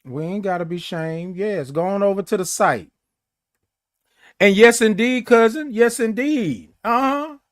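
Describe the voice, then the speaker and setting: A man with a high voice hosts a morning livestream, speaking a little slowly as he reads viewer comments and chats casually. He's playful and flamboyant, stretching out his greetings, and the recording is dry and studio quality.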